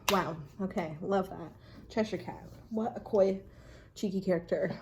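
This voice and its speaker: A woman chatting casually and reflectively in her bathroom while drawing oracle cards, often dropping to a hushed voice. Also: medium pitch, takes it slowly, background noise. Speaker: vlogger reading oracle cards. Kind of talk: casual rambling chat. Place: home bathroom.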